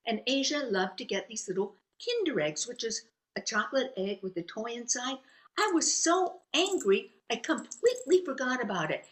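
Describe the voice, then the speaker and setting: A woman telling a personal story at a live storytelling event, acting out her own quoted lines with drama. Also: fairly high pitch. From United States. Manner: animated, dramatic, acts out quotes.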